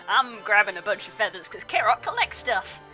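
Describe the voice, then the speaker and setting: Bright, giggly woman playing a tabletop game. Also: medium pitch, normal speed, soft background music, poor audio. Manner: giggly, animated. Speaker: player. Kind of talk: casual tabletop play.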